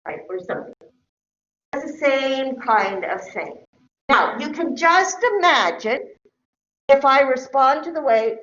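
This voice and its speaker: A woman's voice: fairly high pitch, animated, measured pace, fairly bright tone. A middle-aged woman lecturing a class in a conversational way, often checking in with her listeners. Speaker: teacher. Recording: echoey room, dull lo-fi sound.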